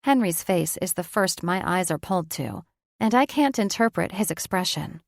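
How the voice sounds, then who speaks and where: A woman's voice: fairly low pitch, animated, moderate pace, vocal fry, dry recording. A woman reads a first-person audiobook in a reflective, conversational way, close to the mic. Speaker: audiobook narrator.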